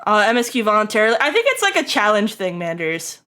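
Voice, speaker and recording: A woman's voice: medium pitch, very animated, quick pace, sharp tone, smooth. A young adult woman streaming, chatting casually to her viewers in a rambling way, swearing freely and laughing often. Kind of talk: casual live-stream chat.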